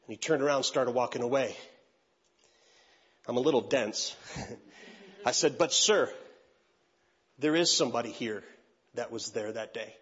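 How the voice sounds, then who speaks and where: Husky and medium-pitched, this older man speaks a little slowly and pauses often over a muffled recording. He's a pastor preaching, recounting a personal story with animation and performing the voices of others in it.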